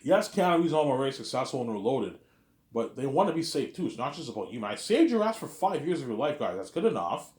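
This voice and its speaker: A man's voice: medium pitch, big pitch swings, fast talker, a little mellow, echoey room. A man talking to his own camera in a long, rambling monologue, boastful and repetitive, swearing often. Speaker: vlogger. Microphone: camera he sets up himself.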